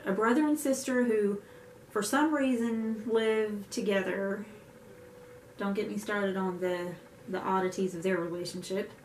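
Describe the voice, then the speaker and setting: A young woman vlogger chatting casually to camera about books she loves, with self-mocking asides. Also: medium pitch. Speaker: book vlogger. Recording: echoey room with faint hiss.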